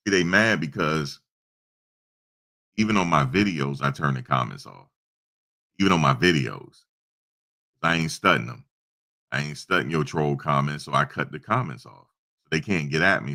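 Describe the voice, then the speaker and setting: Telling a story on his casual YouTube livestream, this host speaks in an extremely low, bright and forceful voice. His delivery is conversational and repetitive, with preachy asides.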